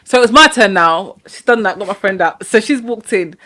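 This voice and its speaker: A woman's voice: medium pitch, normal speed, pushed and bright. A woman, co-hosting a casual podcast, telling a story with lots of laughter and acted-out voices. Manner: laughs often, acts out voices in her stories. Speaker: podcast co-host.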